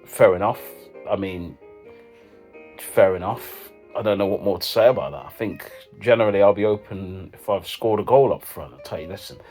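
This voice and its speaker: A man's voice: on the low side, normal speed, a little mellow, soft background music. A man doing jokey commentary, rambling in slang and asking "you know what I mean" again and again. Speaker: comedy vlogger reacting to dating profiles. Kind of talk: jokey commentary with sung snippets.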